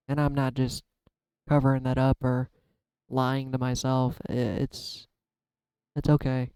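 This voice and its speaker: A man's voice: medium pitch, completely flat delivery, unhurried, long pauses, warm tone, clean tone, no room sound, low-quality recording. A man talking heartfelt and personal to his viewers, holding back tears, searching for words and trailing off. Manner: emotional, searching, trails off and restarts. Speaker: YouTube card-reading vlogger. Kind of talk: heartfelt personal talk to camera.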